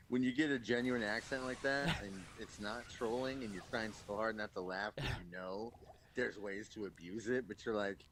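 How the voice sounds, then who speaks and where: A man's voice: on the low side, steady tone, unhurried, fairly bright tone, a little hiss or hum, low-quality recording. A man chatting casually over a game, rambling with lots of fillers and frequent laughs. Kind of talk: casual chat while gaming.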